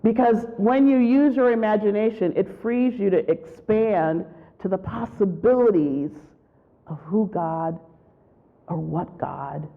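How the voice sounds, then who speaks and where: A woman giving a spiritual retreat talk, telling a personal story with animated storytelling and acting out what people said. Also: medium pitch, measured pace. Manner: animated storytelling, acts out quotes. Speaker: retreat speaker. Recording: tinny phone-like sound.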